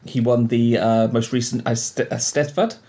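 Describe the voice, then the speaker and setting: A man's voice: medium pitch, unhurried. A man co-hosting a podcast, chatting casually about a book and tripping over odd names. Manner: relaxed, agreeable, stumbles over names. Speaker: podcast co-host.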